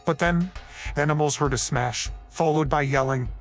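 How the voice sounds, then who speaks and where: Deadpan AI-cloned male storyteller. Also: a little high, moderate pace, over loud music. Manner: deadpan reading of crude jokes. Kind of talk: scripted storybook narration.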